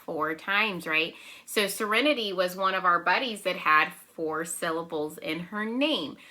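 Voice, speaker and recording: A young woman teaching a remote circle-time lesson to small children, gentle and encouraging, often checking in with "right?" and slowly counting and clapping out syllables. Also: on the low side, a little hiss or hum. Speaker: preschool teacher.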